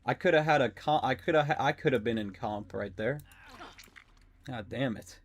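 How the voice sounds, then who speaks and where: A young adult man streaming a game, rambling and excitable, swearing often and talking to his chat. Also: medium pitch, normal speed, slight background noise. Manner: talks to chat. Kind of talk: casual live-stream commentary while gaming.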